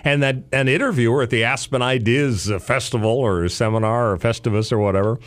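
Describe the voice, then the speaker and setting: A man's voice: medium pitch, steady tone, fairly quick. Talk radio guy, wry and rambly, plain mid voice. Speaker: radio host.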